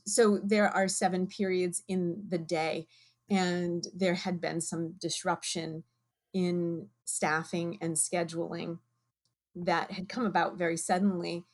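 A woman who chairs a science department and teaches biology, talking in a measured, thoughtful way in a casual conversation. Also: on the low side. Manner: measured, thoughtful, slow-paced.

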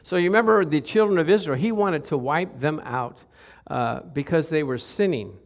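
A man's voice: a little high, moderate pace. Middle-aged male preacher, easygoing sermon voice, keeps asking the congregation questions. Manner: conversational, asks the crowd questions, jokes and laughs.

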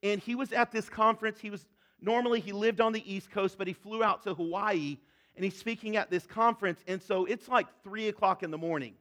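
A man preaches to his congregation with a high-pitched voice. He tells a long anecdote, slipping into the voices of the people in it, then moves on to reading scripture. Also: a little fast, a bit bright. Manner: storytelling, acting out quoted speakers. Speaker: pastor. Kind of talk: sermon.

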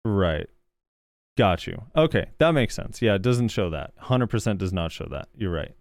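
A man's voice: fairly low pitch, sing-song, normal speed, dry recording. A man co-hosting a gaming podcast, reading out viewer comments and reacting in a loose, hesitant way with lots of fillers. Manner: casual, hesitant, many fillers. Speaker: podcast co-host.

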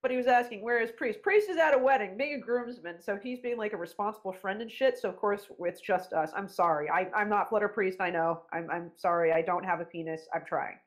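A woman's voice: mid-range voice, fairly quick, few pauses. A woman hosting a podcast, chatting casually in a playful, teasing way and swearing freely. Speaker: podcast host.

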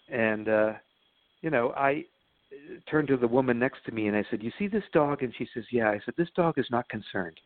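A man's voice: lowish voice, no room sound. A man telling stories as a guest in an interview, chatty and laughing at his own stories, with lots of fillers. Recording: phone line.

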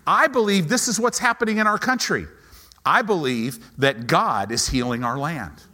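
A male pastor preaching a sermon in a church sanctuary, animated, swinging between hushed asides and loud peaks. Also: fairly high pitch, normal speed. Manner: animated, dramatic shifts between hushed and shouted.

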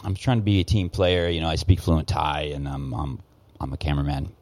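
Very deep-voiced man, profane and heated. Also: little pitch movement, a little mellow, no room sound. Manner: profane, heated, halting with many restarts. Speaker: guest, former news cameraman. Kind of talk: casual podcast storytelling.

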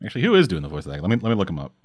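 Quick, lively man bantering on a podcast. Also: low-pitched, husky. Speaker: podcast co-host. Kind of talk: casual anime review chat.

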